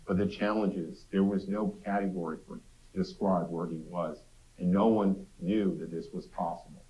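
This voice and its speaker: Low-voiced man lecturing in an echoey hall. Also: fairly even intonation, normal speed, mellow. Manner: conversational, addresses students directly with quips. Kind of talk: university lecture.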